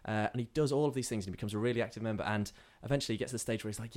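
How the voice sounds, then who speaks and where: A man's voice: fairly low pitch, racing, hardly any pauses, darkish tone. A man casually telling a rambling comic story on a podcast, acting out the characters in quoted voices. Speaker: podcast co-host pitching a story.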